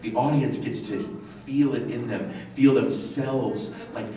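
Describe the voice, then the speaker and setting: Voice director dude giving acting advice on a panel, tells stories, super echoey room, faint hum behind. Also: male voice, mid-range voice, fairly even intonation, a little slow, recorded from a distance. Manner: thoughtful, storytelling, emphatic asides. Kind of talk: reflective panel talk.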